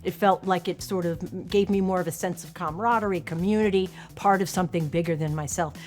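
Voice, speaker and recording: A woman's voice: lowish voice, fairly even intonation, brisk, a little mellow, soft background music. A woman from Long Island, an actress speaking candidly and conversationally in an interview, with a self-deprecating manner, on a close mic. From Long Island, New York. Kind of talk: casual interview reflection.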